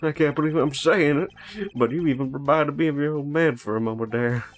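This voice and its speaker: A man's voice: fairly high pitch, a little fast, voice pushed up, lightly acted. A man voicing a jovial, folksy older man with a hearty, drawling manner in a game read-through.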